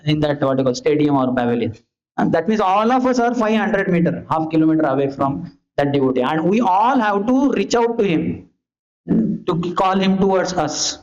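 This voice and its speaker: A man giving a scripture lecture, animated, asking rhetorical questions and acting out calls and pleas. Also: high voice. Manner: animated, rhetorical questions, acts out shouting and pleading. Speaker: preacher giving a scripture class. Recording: dull lo-fi lecture recording.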